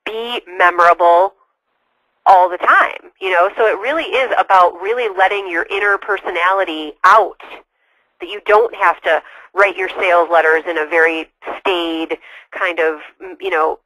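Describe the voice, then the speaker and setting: Bright, enthusiastic woman in a sales webinar. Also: on the low side, normal speed, no room sound, low-quality recording. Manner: enthusiastic, chatty. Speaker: sales guest expert.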